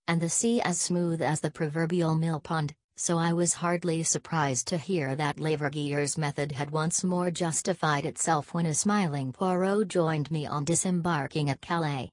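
A woman narrating an audiobook in a measured, steady reading voice. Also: sits low, no echo. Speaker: audiobook reader. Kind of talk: scripted narration.

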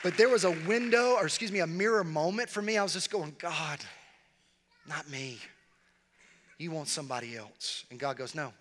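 A middle-aged man preaching a sermon as pastor, animated and repeating phrases as he speaks straight to the congregation. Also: fairly high pitch, a little hiss or hum. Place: large church sanctuary. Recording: long reverb of a large hall.

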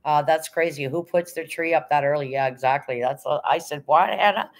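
Middle-aged woman, lowish voice, live-stream host, casual rambling chat, greets viewers by name. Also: a little fast. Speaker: livestream host.

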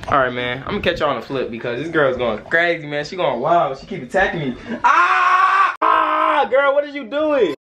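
A man's voice: a little high, animated, fast, few pauses, raised voice, very noisy. A man filming a casual home vlog as a young father, playfully laughing and scolding his toddler in a bedroom.

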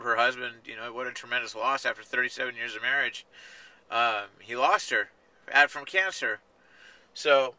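A man's voice: medium pitch, bright, forceful tone, rough recording. A man in his forties, talking in a rambling, chatty way with self-deprecating jokes, from inside his parked car at night. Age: 40s. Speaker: vlogger. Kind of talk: rambling casual vlog.

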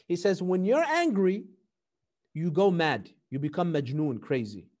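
A man teaching a seminary ethics class, telling stories with animated delivery and quoting sayings before translating them. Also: sits high, unhurried. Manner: animated storytelling, quotes Arabic hadith then translates. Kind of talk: recorded class lecture.

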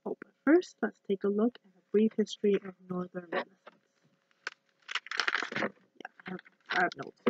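A young woman giving a college class presentation and reading a poem. Her voice is croaky from a cough, and she talks hesitantly with many ums and restarts. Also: medium pitch, normal speed, long pauses, a little mellow, a little hiss or hum. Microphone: laptop built-in mic. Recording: dull lo-fi laptop audio.

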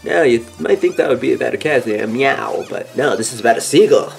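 A man's voice: medium pitch, lively intonation, brisk, gravelly, soft background music. A man doing goofy let's-play commentary, playful and joking. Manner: goofy, playful, drops into silly voices. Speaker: gaming YouTuber.

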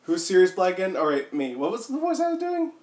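A man's voice: sits high, wildly swooping pitch, quick pace, darkish tone. A man giving an exaggerated comedic reading with friends, jumping between silly voices and asides, his throat sore from coughing. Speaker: comedic reader. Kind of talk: mock dramatic reading with friends. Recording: echoey room.

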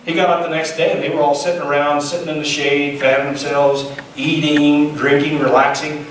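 A man's voice: a little high, fairly even intonation, a little fast, slight background noise. A male pastor preaching a sermon in a folksy, conversational way, asking his listeners questions. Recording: echoey church sound from a distant mic.

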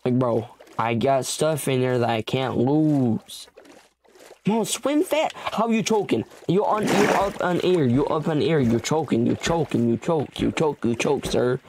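A young man narrating his own survival game as he plays. He talks in a frantic, pleading rush, bargaining with whatever is chasing him. His voice sits at an ordinary middle pitch. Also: expressive, measured pace, few pauses, background noise. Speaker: gamer. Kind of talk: let's play commentary.

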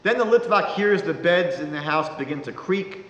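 A man, a rabbi giving a lecture, telling a story in a measured, dramatic way. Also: on the high side, animated, fairly bright tone. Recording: reverberant lecture hall.

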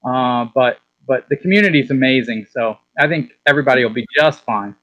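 A man's voice: mid-range voice, a little fast, dull audio, a loud crowd. A man guesting on a whiskey livestream, talking earnestly and restarting his words often. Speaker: fellow whiskey YouTuber guest. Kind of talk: casual livestream chat.

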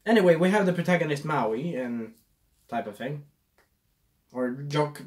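A man's voice: on the high side, lively intonation, unhurried. Rambling man reviewing a movie. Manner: rambling, loses his train of thought. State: scratchy throat.

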